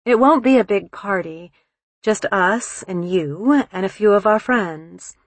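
A woman's voice: medium pitch, animated, measured pace, no room sound, voice pushed up. A woman reading as an eager young college woman. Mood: cheerful.

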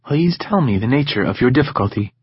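A man voicing a calm, polite spider-dog security robot in level machine phrasing. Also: mid-range voice, fast, husky, dry recording, dull audio, voice pushed up.

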